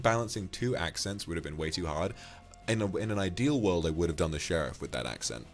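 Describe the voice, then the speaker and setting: Brief: very deep British man, lively intonation, casual stream chat, faint music. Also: brisk. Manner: rambling, candid, thanks viewers by name.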